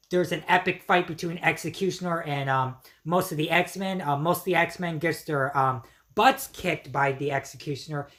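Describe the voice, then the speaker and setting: A woman reviewer giving an excited, casual recap, her voice strained from yelling. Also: sits low. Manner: excitable, many fillers and slang.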